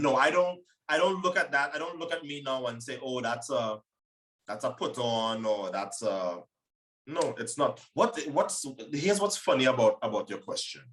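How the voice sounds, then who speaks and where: A man in his forties with a Trinidadian accent touched by American speech, telling stories in a confident, animated way as an interview guest. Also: medium pitch, distant mic, low-quality recording. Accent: Trinidadian with American influence. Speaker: guest, former Olympic sprinter. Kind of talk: casual interview talk.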